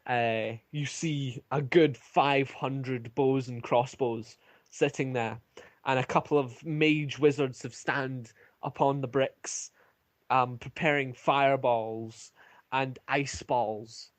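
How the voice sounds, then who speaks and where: Slow, hesitant male game master. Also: medium pitch, fairly even intonation, dry recording. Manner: hesitant, many ums. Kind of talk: narrating a tabletop game.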